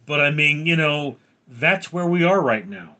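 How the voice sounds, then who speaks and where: A man's voice: on the high side, lively intonation, a little slow, bright, forceful tone. A man hosting a live stream, who reads viewer names from chat and teases them. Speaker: livestream host. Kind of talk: casual live chat reading.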